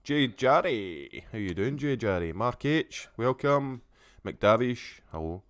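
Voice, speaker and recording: Guy hosting a live stream, swearing and joking through shout-outs, voice bouncing all over. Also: mid-range voice, lively intonation, slow. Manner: crude, joking shout-outs to chat viewers. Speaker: show host. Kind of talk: casual live-stream banter.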